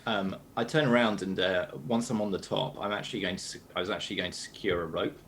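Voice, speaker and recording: A man's voice: sits low, steady tone, fast, fairly bright tone, slight background noise. A British man playing a tabletop game, thinking aloud with lots of hesitant fillers. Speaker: player.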